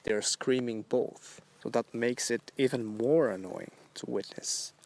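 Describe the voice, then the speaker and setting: A man hosting a solo podcast, musing in a rambling, halting way with drawn-out phrasing. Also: medium pitch, darkish tone. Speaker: podcast host. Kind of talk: solo philosophical monologue.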